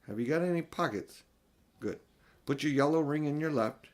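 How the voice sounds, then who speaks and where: An older man reading a storybook aloud, voicing an eager, excitable young boy in a raised voice. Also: on the high side, moderate pace, lightly acted.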